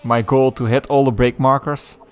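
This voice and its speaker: A man's voice: medium pitch, level tone, moderate pace, clean tone, faint music behind. A man co-commentating an online racing stream, cracking jokes, laughing and reading out chat. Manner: joking, laughing, reads chat aloud. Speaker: race commentator. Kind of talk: casual sim racing commentary.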